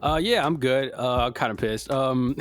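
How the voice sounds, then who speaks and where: A man's voice: medium pitch, normal speed, over music. A man co-hosting a sports podcast, ranting in casual, profane, heated chat. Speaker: podcast co-host.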